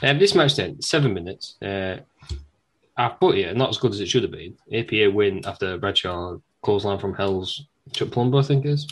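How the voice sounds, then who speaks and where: A man's voice: lowish voice, animated, fairly quick, fairly bright tone, breathy edge. A man hosting a podcast, chatting casually and laughing often. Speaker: podcast host. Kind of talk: casual chat.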